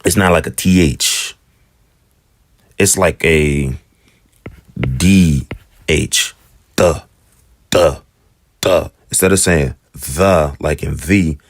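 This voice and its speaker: A man with an African American English accent teaching the Hebrew alphabet in a casual lesson, slowly repeating each letter's sound. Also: a bass voice, no room sound. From United States.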